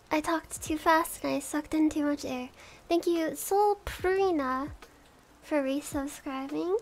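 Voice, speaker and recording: A woman's voice: sits high, measured pace, a little hiss or hum. A woman streaming casual chat, giggly, thanking subscribers one by one. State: has the hiccups.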